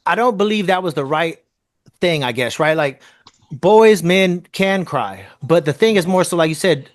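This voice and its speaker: A man's voice: on the high side, animated, normal speed. A middle-aged man hosting a podcast, telling stories in casual chat, swearing freely and laughing often. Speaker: podcast host.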